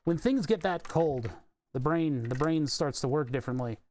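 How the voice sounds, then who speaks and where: A man's voice: fairly high pitch, expressive, normal speed, darkish tone, a little hiss or hum. Rambling, self-amused male streamer. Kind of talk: casual live-stream chat while working. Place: home workshop with a 3D printer.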